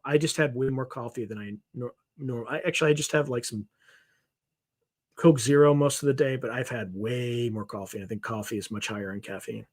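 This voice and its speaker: A man hosting a livestream and reading out viewer comments, talking fast and animated on extra caffeine. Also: medium pitch. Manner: wired on caffeine, rapid and animated. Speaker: livestream host.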